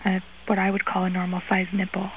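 A woman's voice: mid-range voice, completely flat delivery, quick pace, slight background noise, rough recording. A woman in her twenties calling a radio show, asking hesitant, polite questions. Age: 20s. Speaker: caller. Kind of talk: phone call to radio show.

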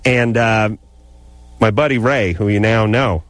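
A man's voice: fairly low pitch, measured pace, no echo. Radio guy rambling through a crazy story, dry studio sound. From Los Angeles area. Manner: animated, rambling, laughs while telling. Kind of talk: casual storytelling on a call-in radio show.

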